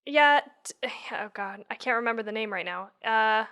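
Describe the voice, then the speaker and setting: A woman's voice: a little high, normal speed, pushed and bright, smooth. A woman co-hosting a podcast, chatting casually and laughing often, sometimes unsure how to say names. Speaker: podcast co-host. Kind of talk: casual chat.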